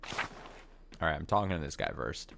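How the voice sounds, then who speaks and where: Deep-voiced young man rambling over gameplay. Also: expressive, measured pace, creaky, noisy background. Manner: rambling, stammering, laughs often. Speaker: let's play host. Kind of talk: casual gameplay commentary.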